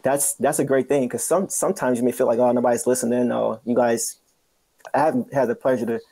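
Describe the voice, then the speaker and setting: A man on a livestream panel, talking in a relaxed, laid-back way. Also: mid-range voice, fairly quick, no echo. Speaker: panel guest. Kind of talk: casual livestream chat.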